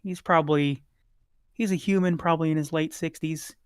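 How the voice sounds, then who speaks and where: Game master, casual narration, many ums, mid pitch, dry close sound. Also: fairly even intonation, moderate pace, smooth, no room sound. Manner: casual, filler-heavy.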